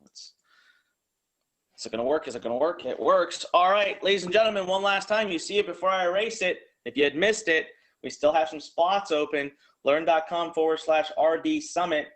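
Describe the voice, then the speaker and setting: A man's voice: on the high side, steady tone, normal speed, a bit bright. A man presenting a live online business seminar, talking straight to viewers in a hyped, salesy way while drawing on a board. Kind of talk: energetic live webinar pitch.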